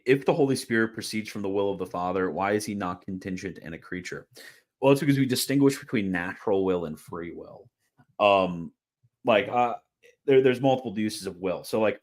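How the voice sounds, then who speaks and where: A young man hosting a live stream, chatting casually and answering viewers' questions, rambling with fillers and laughing at comments. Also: low voice. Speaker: livestream host answering chat.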